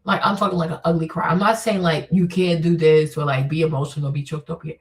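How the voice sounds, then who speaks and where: A woman hosting a livestream, giving blunt, profane, animated commentary on relationships. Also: low voice, quick pace, far from the mic, low-quality recording. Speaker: livestream host.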